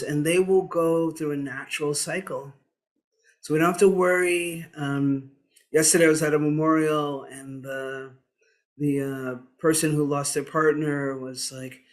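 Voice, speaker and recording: Male guest, calm and reflective, measured coaching delivery, a touch high-voiced. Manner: gentle, unhurried, coaching tone. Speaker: diversity activist guest. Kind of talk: calm reflective conversation on mindfulness.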